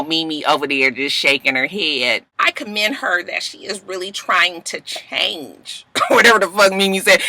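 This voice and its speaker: A woman's voice: medium pitch, dry recording, rough recording. A woman recapping a reality TV episode in a casual, profane, gossipy way, laughing and acting out what people said. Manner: animated, profane, laughing, acts out quotes.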